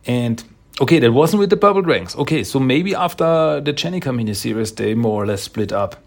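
A man talks through a comic issue in a loose, rambling way, stopping often to correct himself. His voice is gravelly with plenty of vocal fry, and it has a husky grain. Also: mid-range voice, lively intonation, fairly quick. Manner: rambling, hesitant, chuckling. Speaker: comic book reviewer. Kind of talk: casual comic recap.

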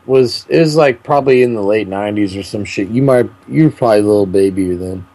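A man making a prank phone call, rambling and crude in a deadpan way. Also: fairly low pitch, a little fast. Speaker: prank caller.

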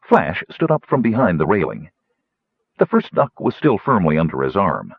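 A man narrates a storybook with a low, husky voice that swings widely in pitch. The recording is dry and a little dull, as if from a close mic in a small treated room. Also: normal speed, no room sound. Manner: lively, voicing characters higher. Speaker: audiobook narrator.

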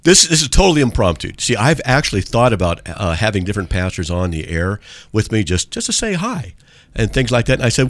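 A man's voice: lowish voice, sing-song, a little fast, no room sound. A man hosting a call-in radio show from a studio, talking in a casual, joking and rambling way.

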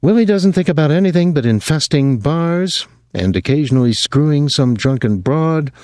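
A man's voice: mid-range voice, a little mellow, no echo, studio quality, pitched above the performer's own voice, lightly acted. A male audiobook narrator voicing a bitter, sarcastic adult woman with a harsh tongue. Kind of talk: audiobook reading.

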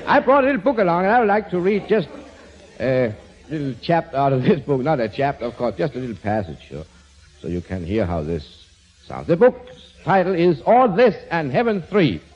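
A man's voice: on the high side, very animated, normal speed, darkish tone, breathy edge. A man with a doing a comic monologue, reading a silly passage aloud with little chuckles and swapping numbers into his words. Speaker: comedian and pianist. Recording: dull lo-fi old radio recording, noisy.

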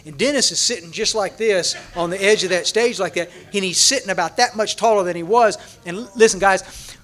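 High-voiced man telling a story. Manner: animated, acts out scenes, frequent restarts. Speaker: recovery conference speaker. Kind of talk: storytelling talk to a large audience.

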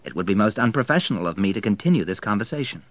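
A man's voice: fairly low pitch, lively intonation, racing, no echo. A man voicing a formal banker with a clipped, authoritative manner.

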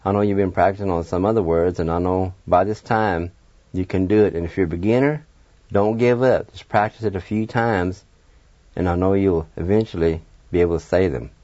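A man's voice: low voice, brisk, warm tone, no echo. A man teaching a radio language lesson, patiently spelling words letter by letter and encouraging learners. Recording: dull, dry lo-fi radio sound.

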